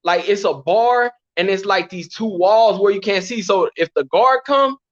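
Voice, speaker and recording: Man, high pitch, bright voice, slangy animated storytelling, muffled lo-fi sound. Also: moderate pace. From Texas, USA. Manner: animated, slangy, repeats "you know what I'm saying". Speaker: guest telling prison stories. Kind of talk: casual storytelling interview.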